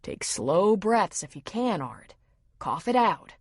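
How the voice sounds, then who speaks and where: A woman's voice: mid-range voice, big pitch swings, takes it slowly, husky, no room sound, clean studio sound, heavily acted. A woman voicing an urgent, commanding man who takes charge in an emergency. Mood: steadying. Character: urgent take-charge man giving first aid.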